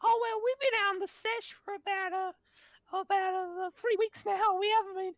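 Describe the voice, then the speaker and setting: A woman voicing a chatty horde of tiny spore creatures that ramble excitedly and swear. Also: extremely high pitch, normal speed, no room sound, voice pushed up. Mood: giddy.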